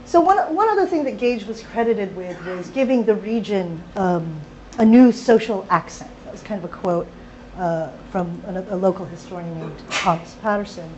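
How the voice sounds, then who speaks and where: A woman in her thirties, an academic reading her research talk aloud in a seminar room, measured and literary with occasional off-script asides. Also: medium pitch, expressive, a little mellow. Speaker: academic lecturer. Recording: dull lo-fi lecture recording, faint noise.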